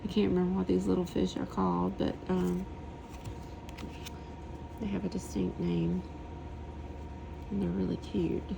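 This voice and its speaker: A woman reviewing a tarot deck in a soft, hushed voice, often slipping into whispers and lingering on words as she gushes over the artwork. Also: fairly low pitch, flat delivery, measured pace, vocal fry, pauses often, noisy background. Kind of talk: soft-spoken tarot deck flip-through.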